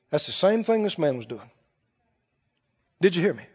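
A man preaching a sermon in an animated, conversational way to a church congregation. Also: on the high side, moderate pace, long pauses, husky. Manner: animated, conversational, acts out quoted voices. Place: church hall. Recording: dull recording with long hall reverb.

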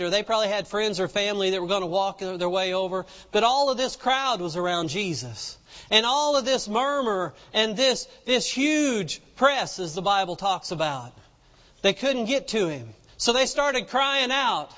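A man's voice: high voice, lively intonation, normal speed, a bit bright. A man preaching a sermon in a folksy storytelling way, acting out the people in the story as he goes. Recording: dull lo-fi sound with long reverb.

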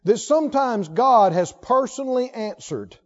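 A man preaching a sermon in a church, fervent and emphatic, swinging from loud to hushed. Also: extremely high pitch, lively intonation, measured pace. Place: church sanctuary. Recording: lo-fi recording with long hall reverb.

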